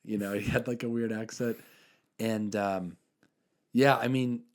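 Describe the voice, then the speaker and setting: Podcast host, young man, lowish voice, earnest and rambling storyteller. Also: steady tone, unhurried. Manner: earnest storytelling, many fillers, trails off softly. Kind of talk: casual faith chat.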